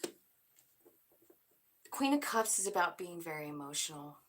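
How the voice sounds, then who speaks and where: Blunt, chatty woman tarot reader, slightly low. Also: sing-song, slow, fairly bright tone, slight background noise. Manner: blunt, chatty, swears freely. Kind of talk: casual tarot reading to viewers.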